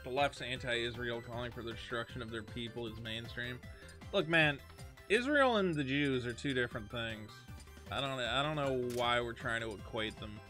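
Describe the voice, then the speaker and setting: A man streaming a video game, chatting casually with animated, exasperated rants. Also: mid-range voice, moderate pace. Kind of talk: casual chat while gaming. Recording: game music under the voice. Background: video game music.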